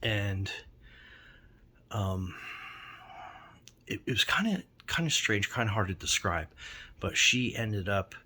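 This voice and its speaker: A man's voice: fairly low pitch, animated, slow pace, long pauses, pushed and bright, husky. A man casually telling a ghost story from his own life, rambling with many fillers and restarts. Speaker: storyteller recounting a ghost encounter.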